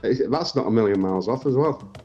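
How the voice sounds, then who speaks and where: A man's voice: medium pitch, lively intonation, fast talker, a little mellow, highs cut off, soft background music. A man chatting casually during a game over voice chat, bantering, repeating himself and swearing. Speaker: gamer on voice chat. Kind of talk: casual chat while gaming.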